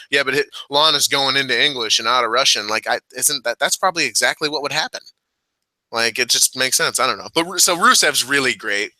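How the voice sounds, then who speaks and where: A man's voice: medium pitch, sharp tone, no echo, low-quality recording. A man from Illinois co-hosting a wrestling podcast in loose, profane casual chat, laughing often. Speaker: podcast co-host.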